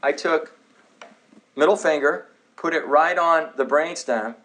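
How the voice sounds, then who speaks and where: A man in his thirties lectures a live class in a slightly higher voice, tossing out sarcastic jokes and asking the room questions. Faint room noise sits under his voice. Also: unhurried, fairly bright tone, poor audio. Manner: joking, sarcastic asides to the audience. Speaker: chiropractor teaching a health class. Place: office classroom.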